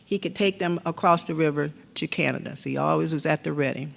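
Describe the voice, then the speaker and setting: A woman's voice: deep voice, fast, vocal fry. Older woman lecturing in echoing hall. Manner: conversational, with frequent fillers and restarts, cueing slides with "next". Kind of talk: slide-show history lecture. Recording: long hall reverb.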